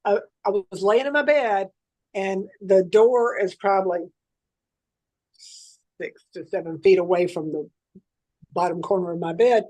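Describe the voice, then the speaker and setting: A woman, a psychic reader, chatting casually and telling stories in an animated way, acting out the voices in them. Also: mid-range voice, unhurried. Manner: animated storyteller who acts out the voices in her stories. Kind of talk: casual conversation.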